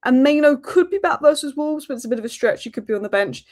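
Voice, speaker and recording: A woman hosting a daily football news roundup, talking rapid-fire and opinionated. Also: high-pitched, animated, darkish tone. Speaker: football channel host.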